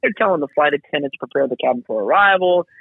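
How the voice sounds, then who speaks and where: A fairly high-voiced man, an air traffic controller, talks through his work in a chatty, animated way, piling on asides and acting out radio calls. His voice arrives dry and tinny, as if over a phone line. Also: very fast, gravelly, slightly rough, dry recording. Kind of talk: casual interview explanation.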